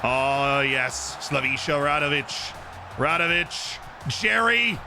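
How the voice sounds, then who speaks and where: A man's voice: on the high side, lively intonation, slow. Man commentating a game over music. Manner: mimics match commentary, bursting into shouts at goals. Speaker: streamer. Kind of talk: live stream commentary over a football manager game. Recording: game music clearly playing behind.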